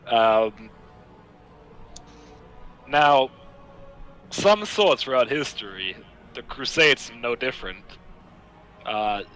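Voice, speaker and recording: A man voicing a learned lore-keeper who explains sword legends in a measured way over voice chat. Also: medium pitch, a bit bright, close to an everyday voice, poor audio.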